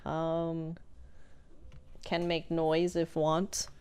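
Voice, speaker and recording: A woman in casual chat who speaks softly and hesitantly, often trailing off. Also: sits low, completely flat delivery, drawn-out words, smooth.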